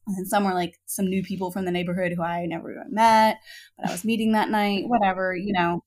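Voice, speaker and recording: A woman with a mid-range voice talks fast as she co-hosts a podcast. She tells a story casually and with a lot of animation, scattering "like" and "you know" all through it.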